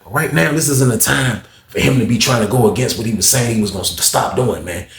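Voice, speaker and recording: A man's voice: medium pitch, fast, gravelly. A man telling a story to his viewers in a casual, slangy and profane way. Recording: roomy echo.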